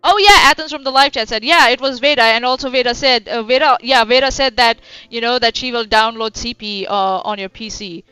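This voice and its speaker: A woman's voice: a little high, fairly quick, few pauses, bright, forceful tone, smooth, dry recording. A woman streaming casual reaction commentary, blunt and sarcastic, swearing freely. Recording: dull lo-fi stream audio with faint music.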